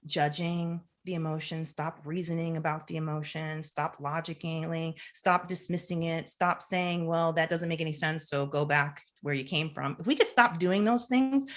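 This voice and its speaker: A woman's voice: fairly low pitch, moderate pace. A woman, a clinical social worker, being interviewed on a podcast; she explains at length, often restarting sentences and acting out inner voices. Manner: animated, acts out inner self-talk.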